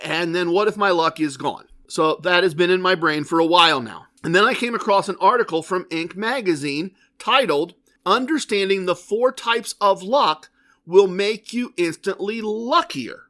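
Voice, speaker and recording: A man's voice: high-pitched, lively intonation, moderate pace, bright, forceful tone. A man hosting a podcast, telling a rambling, self-questioning story in a casual solo monologue. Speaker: podcast host.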